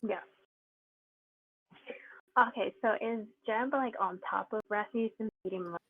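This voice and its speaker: A woman's voice: medium pitch, measured pace, dry recording. A woman playing in a tabletop game, chatting casually and laughing often as she describes her character. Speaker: player. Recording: dull lo-fi dry sound.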